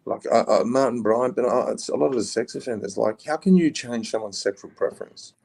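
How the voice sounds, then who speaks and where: A middle-aged man with an Australian accent, blunt and rough-spoken, telling prison stories in a casual interview. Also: mid-range voice, brisk, darkish tone. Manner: blunt, rough-spoken storyteller, swears, says "mate". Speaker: podcast guest, former prisoner.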